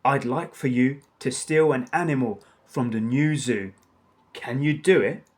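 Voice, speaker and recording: A man's voice: mid-range voice, a little slow, lightly acted. A man voicing a haughty, imperious middle-aged villainess who barks and scolds, in a storybook reading.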